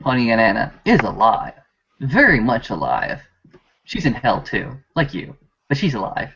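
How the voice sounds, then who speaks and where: A man's voice: medium pitch, very animated, normal speed, fairly bright tone, slightly rough, full character voice. A man voicing a cruel, taunting male vampire captor in a mocking, menacing way, on a dull lo-fi recording. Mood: cold.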